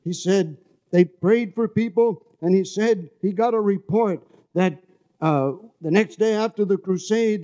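A man from New York City preaches a sermon in a high but mellow voice. He talks in a loose, conversational way and keeps asking his listeners for an amen. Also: moderate pace. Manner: conversational, asks the congregation "amen?".

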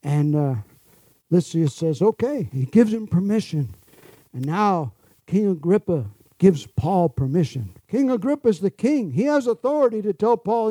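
High-voiced chuckling preacher. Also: male voice, animated, a little slow, warm tone, dry recording. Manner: chuckling, sarcastic asides, acts out quoted voices. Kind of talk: sermon.

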